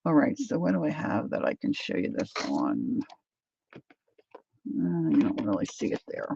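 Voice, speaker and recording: A woman's voice: deep voice, wildly swooping pitch, moderate pace, creaky, mellow, slightly rough, no echo, muffled recording. A woman hosting a craft livestream, rambling chattily through a demo and answering viewer comments.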